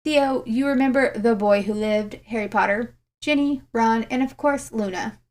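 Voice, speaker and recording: A woman's voice: fairly high pitch, normal speed, close to an everyday voice. A woman voicing a wry young adult man in a read-aloud story, in a lightly voiced reading manner.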